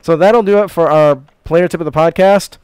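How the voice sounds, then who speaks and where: A man's voice: a little high, moderate pace, a little mellow, clean tone, no room sound. A man co-hosting a casual podcast from the United States, laughing often and swearing casually. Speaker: podcast co-host.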